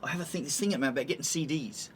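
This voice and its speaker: A man's voice: on the high side, very fast, slight background noise. An older man with an Australian accent, co-hosting a casual chat and telling a rambling, exasperated story. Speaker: podcast co-host.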